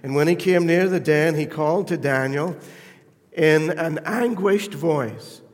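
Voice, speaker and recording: Male preacher, slow measured delivery, fervent swells and hushed asides, live church hall with long reverb. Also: a little high. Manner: fervent, rising to emphatic peaks then dropping quiet. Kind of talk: sermon.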